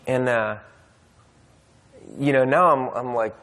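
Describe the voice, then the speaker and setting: Male speaker, storytelling talk, mid-pitched voice, long hall reverb, loose conversational delivery. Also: slow, a bit bright. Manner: conversational, with frequent fillers and restarts. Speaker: speaker at a men's Bible study.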